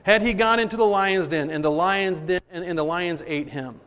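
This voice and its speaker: A man preaching a sermon as pastor, animated, shifting between loud emphatic lines and soft quiet asides. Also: high voice, normal speed. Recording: long hall reverb.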